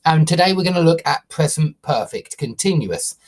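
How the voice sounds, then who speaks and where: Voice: medium pitch, expressive, normal speed, a little mellow. An English grammar teacher explaining a tense step by step, stressing key points and often checking in with "okay?" or "yeah?".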